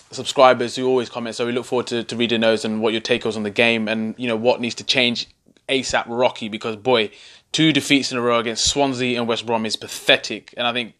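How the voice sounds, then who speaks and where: A man's voice: mid-range voice, a bit bright. A man co-hosting a casual football fan chat, talking earnestly and agreeing with his partner. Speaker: football fan channel host.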